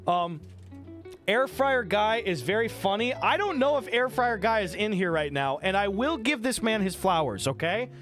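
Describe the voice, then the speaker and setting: With music in the background, a high-sitting male voice at normal speed spins casual stories for his stream chat, animated, swearing and laughing throughout.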